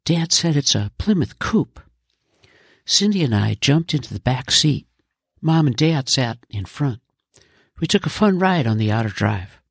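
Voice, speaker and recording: A man's voice: mid-range voice, very animated, unhurried, husky, no room sound, clean studio sound, heavily acted. A man doing an eager young boy.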